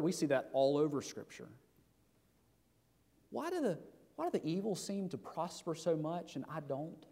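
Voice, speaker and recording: A man's voice: a little high, sing-song, normal speed, dark tone, breathy edge. A middle-aged man preaching a sermon as pastor, talking conversationally with rhetorical questions and frequent restarts. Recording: long hall reverb.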